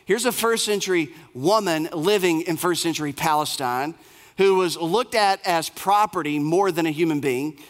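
A man's voice: sits high, a bit bright. A male pastor preaching a sermon in a conversational way, asking the audience questions and acting out quotes.

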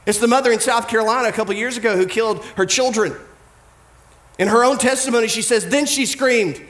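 High-voiced man preaching a sermon. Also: fairly quick, a bit bright, roomy sound. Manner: conversational, humorous storytelling with mimicked voices. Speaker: pastor.

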